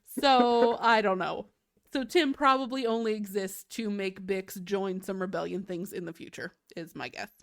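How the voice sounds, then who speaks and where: A woman's voice: medium pitch, normal speed. A woman hosting a podcast, recapping a show in chatty casual talk packed with "like". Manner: chatty, fills with "like" constantly. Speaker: podcast host.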